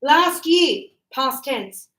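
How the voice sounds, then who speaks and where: A woman's voice: high voice, expressive, very slow, a bit bright. A woman teaching an English grammar lesson to a class, explaining patiently with examples and encouraging her students. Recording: echoey classroom sound.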